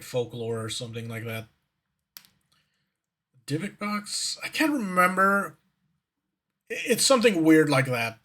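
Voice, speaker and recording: A man's voice: a little high, a bit bright. A man streamer giving casual reaction commentary who rambles, swears, and fills his talk with fillers and restarts.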